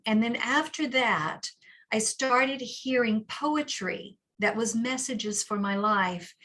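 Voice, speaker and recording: Chatty woman telling a personal story. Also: mid-range voice. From Texas. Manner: chatty, animated storyteller with frequent restarts. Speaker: guest. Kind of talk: storytelling interview.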